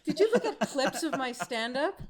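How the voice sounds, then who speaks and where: A woman's voice: sits high, sing-song, moderate pace, a crowd in the background. An American woman who was a stand-up comic, chatting as a guest with self-deprecating jokes. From United States. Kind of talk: casual chat.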